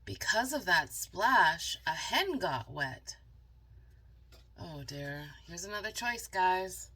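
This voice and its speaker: A woman reading a picture book aloud as a channel host, dramatic and animated, stopping for chatty asides to viewers. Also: on the low side, slow pace, husky. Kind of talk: storybook read-aloud with asides.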